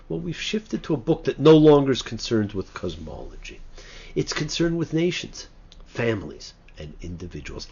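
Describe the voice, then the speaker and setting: A man's voice: mid-range voice, vocal fry, darkish tone, husky, lo-fi sound. A man, a rabbi, giving a sermon-style talk on his show, reading scripture with dramatic, emphatic swings.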